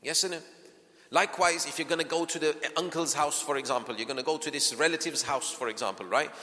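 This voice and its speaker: A man's voice: fairly high pitch, fast talker. A man giving a parenting workshop in a mosque hall, often asking his audience rhetorical questions. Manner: softens into gentle acted lines to a child. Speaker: workshop speaker. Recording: long hall reverb.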